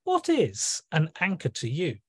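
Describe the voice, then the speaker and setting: A man's voice: wildly swooping pitch, a little slow, darkish tone, breathy edge, exaggerated voice. A man voicing the sea god Neptune, reading a poem in character with a raised, reproachful, questioning delivery over a video call from a room at home. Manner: questioning, reproachful, rising pitch.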